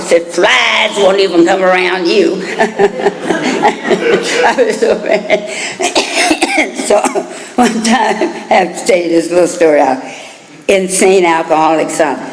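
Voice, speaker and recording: An older American woman telling her personal recovery story at a meeting, chatty and laughing through asides. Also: medium pitch. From United States. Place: meeting hall. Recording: reverberant hall.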